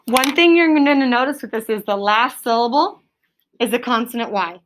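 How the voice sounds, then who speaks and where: A woman teaching a third grade class in a classroom, sounding out spelling words slowly and clearly. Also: a little high, a little hiss or hum. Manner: clear, drawn-out word sounding. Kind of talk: classroom phonics lesson.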